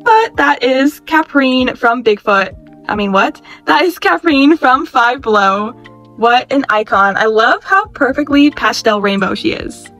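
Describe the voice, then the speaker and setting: A woman in her twenties chatting excitedly in a casual haul vlog, gushing and saying "like" often. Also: high voice, a little slow, soft background music. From California. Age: 20s. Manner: bubbly, gushing, chatty with many "like"s. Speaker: YouTuber reviewing toys.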